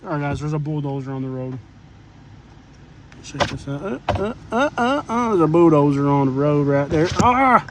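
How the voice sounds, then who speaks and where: A man with a notably high voice talks to his livestream audience while in a car. He drifts from topic to topic in a loose, joking, chatty way. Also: expressive, normal speed, slight background noise. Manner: rambling, joking, chatty asides to viewers. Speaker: live-stream vlogger. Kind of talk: casual live-stream chat.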